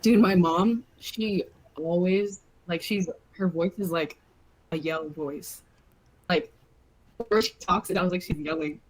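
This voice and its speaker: A woman's voice: lowish voice, measured pace, rough recording. A young woman co-hosting a student podcast, chatting casually with a lot of fillers. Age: young adult. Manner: chatty, many fillers, acts out quotes. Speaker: podcast co-host. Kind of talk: casual chat.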